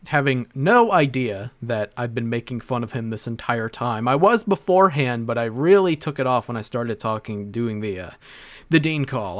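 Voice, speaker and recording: A man's voice: medium pitch, fairly bright tone. A man casually commentating on his stream, rambling with frequent laughter and swearing. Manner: laughs often, swears freely, rambling asides.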